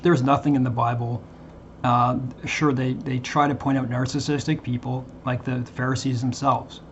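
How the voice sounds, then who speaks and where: A man talking earnestly to his viewers as a Christian channel host, in a halting way with frequent restarts. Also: mid-range voice, highs cut off, slight background noise. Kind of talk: earnest casual monologue to viewers.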